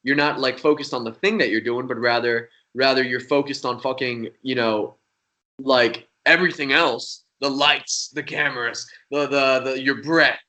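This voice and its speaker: A man's voice: mid-range voice, normal speed. A young man, a magician guest, telling a story in a casual, rambling way and swearing freely. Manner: profane, rambling, animated.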